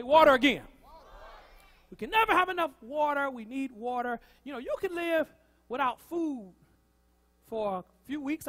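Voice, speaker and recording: High, lively preacher in a reverberant church. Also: male voice. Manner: lively preacher, repeats lines, calls on the crowd. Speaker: pastor. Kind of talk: sermon.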